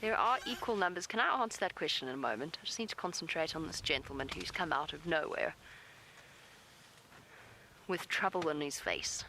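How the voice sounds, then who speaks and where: Woman safari guide, slightly low voice, bright and forceful tone, calm gentle live commentary, outdoors. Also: a little fast, vocal fry, slight background noise, rough recording. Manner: calm and gentle, speaking softly to the animals nearby. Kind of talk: live wildlife commentary answering viewer questions. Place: outdoors in an open safari vehicle.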